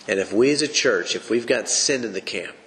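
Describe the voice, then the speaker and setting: A man's voice: on the low side, fairly quick, fairly bright tone. A man teaching the Bible on a podcast, preaching in an emphatic, folksy way. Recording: long reverb.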